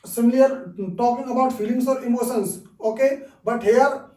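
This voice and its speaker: Man, English teacher, high-pitched, slow and repetitive delivery for beginners; distant mic in an echoey room. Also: dark tone. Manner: slow and patient, repeats each example, frequent "okay". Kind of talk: grammar lesson for beginners.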